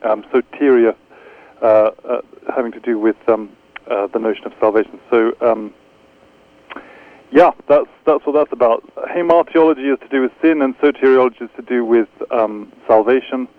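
A man's voice: mid-range voice, steady tone, dry recording. Male guest, English accent, careful explainer with fillers, phone-line quality, dry. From London, England. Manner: measured, hesitant with frequent fillers, self-deprecating. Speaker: guest, theology professor. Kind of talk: radio interview conversation.

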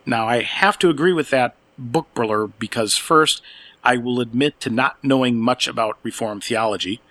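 Male show host, folksy and joking, middle pitch, dry studio sound. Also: moderate pace, fairly bright tone, no echo. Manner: jokey, folksy, playful asides. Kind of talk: radio interview hosting.

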